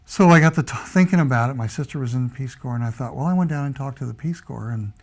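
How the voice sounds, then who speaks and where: A man's voice: medium pitch, fast. An older American man, a retired Air Force veteran, telling his stories in an oral history interview and acting out the dialogue he quotes. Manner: relaxed anecdotal storytelling, acts out quoted dialogue.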